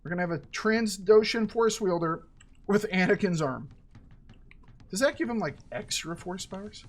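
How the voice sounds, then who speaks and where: A man chatting casually as he plays through a game, thinking aloud and getting excited over his rewards. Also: high voice, normal speed. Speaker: gaming channel host. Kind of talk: casual let's-play commentary.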